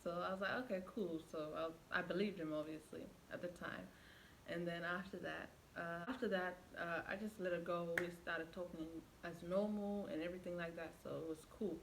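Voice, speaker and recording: A woman's voice: fairly low pitch, brisk, slight background noise, rough recording. A young woman vlogger retelling a past relationship as a casual story, acting out quoted lines with lots of fillers. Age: young adult. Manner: animated retelling with quoted dialogue, many fillers. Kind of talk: storytime vlog.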